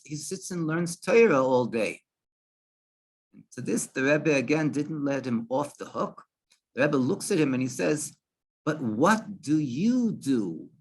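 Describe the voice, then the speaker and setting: A man, a rabbi, telling a story in a halting way, with many restarts and fillers. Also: fairly high pitch, breathy edge. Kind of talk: storytelling talk.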